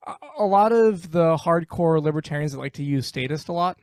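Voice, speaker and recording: Podcast guest, male, higher-pitched, close dry sound, heated and emphatic, curses. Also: fairly quick, clean tone, dry recording. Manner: animated, emphatic, ranting, swears. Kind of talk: opinionated casual chat.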